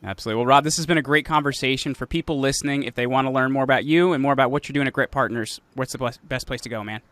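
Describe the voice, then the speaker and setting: A man's voice: mid-range voice, fairly even intonation, racing, fairly bright tone, dry recording. A man in his thirties hosting a podcast interview, casual and enthusiastic in his reactions. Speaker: podcast host.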